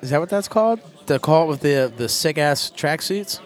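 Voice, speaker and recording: A man's voice: a little high, lively intonation, moderate pace, soft background music. A man hosting a casual podcast chat, laid-back and profane, laughing often. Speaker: podcast host.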